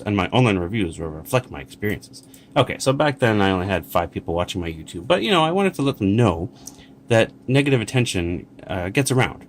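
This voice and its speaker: A man's voice: on the low side, slight background noise. A middle-aged man vlogging casually, indignantly rambling about poor customer service and reading emails aloud. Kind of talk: casual vlog commentary.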